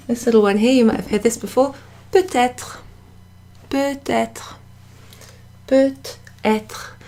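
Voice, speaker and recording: A woman's voice: medium pitch, vocal fry, warm tone, breathy edge. Chatty woman teaching French. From United Kingdom. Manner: chatty, self-correcting, laughs at her own slips. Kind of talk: beginner language lesson. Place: indoor room at a pub.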